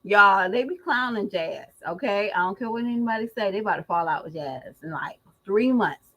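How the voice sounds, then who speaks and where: A woman's voice: mid-range voice, expressive, normal speed, fairly bright tone, low-quality recording. A woman vlogger giving casual gossip commentary, slangy and emphatic, who laughs often as she talks.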